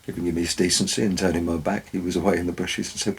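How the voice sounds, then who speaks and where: Male storyteller, deep husky voice, wry and anecdotal. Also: flat delivery, fast, low-quality recording. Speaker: former forest warden. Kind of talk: storytelling narration.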